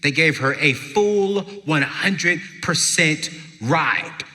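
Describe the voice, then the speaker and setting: A man, a former youth pastor, telling an animated story to an audience and acting out his own reactions, in a large hall with a long reverb. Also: a little high, takes it slowly. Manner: animated, jumps to shouting acted quotes. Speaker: speaker at a parenting event, former youth pastor. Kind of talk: stage storytelling. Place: event stage in a large hall.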